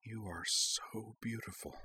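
A man voicing an awestruck young woman who speaks in a breathy whisper. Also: lowish voice, fairly even intonation, slow pace, bright, forceful tone, dry recording, pitched above the performer's own voice, heavily acted. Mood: awed.

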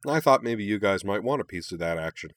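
A man's voice: fairly low pitch, animated, fairly quick, no echo, lightly acted. Man voicing a breezy young adventurer. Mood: easygoing.

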